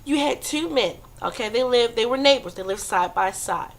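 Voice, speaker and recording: A woman's voice: on the high side, lively intonation, moderate pace. A woman vlogger giving a casual comedic monologue, chatty, often checking in with the listener. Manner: chatty, repeats "okay" and "come on now".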